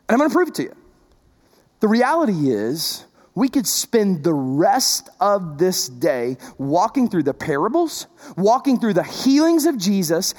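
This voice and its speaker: A man's voice: very high-pitched, big-room sound. A male pastor preaching a sermon in a conversational, emphatic way, repeating words and adding asides to the congregation.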